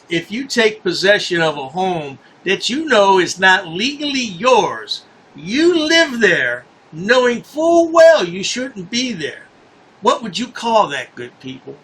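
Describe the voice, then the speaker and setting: Sarcastic man with a bright, higher voice. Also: very animated, slow, slightly rough. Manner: sarcastic, scornful, repeats himself for effect. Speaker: commentary channel host. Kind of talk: mocking commentary on news clips.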